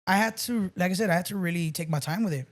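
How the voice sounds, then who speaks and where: A man's voice: high-pitched, fast talker. Loose-talking man telling stories. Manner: loose, swearing storyteller, mixes in Spanish. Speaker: podcast guest, DJ. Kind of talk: casual chat.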